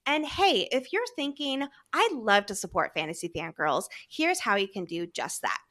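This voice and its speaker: A woman in her thirties co-hosts a book podcast in an easygoing, chatty way. Her voice is bright and forward, and it sits at a middling pitch. She laughs often as she talks. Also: big pitch swings, moderate pace. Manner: giggly, enthusiastic, chatty. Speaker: podcast co-host. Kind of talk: casual book chat.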